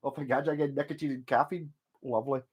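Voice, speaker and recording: A man's voice: mid-range voice, fairly even intonation, fast, slightly rough. A man with a Scottish accent, tipsy from drinking, rambling and swearing heavily as he chats casually on a live stream.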